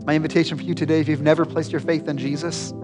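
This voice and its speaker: A man's voice: a little high, little pitch movement, rapid-fire, big-room sound. Male pastor, conversational sermon delivery, emphatic, music playing under him. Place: church sanctuary.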